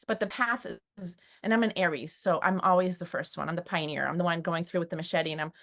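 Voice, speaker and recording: A middle-aged woman with a somewhat low voice talks in an emotional, hesitant way. She restarts her sentences often as she shares personal experiences in conversation. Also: quick pace, fairly bright tone. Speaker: guest. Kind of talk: personal conversation and poem reading.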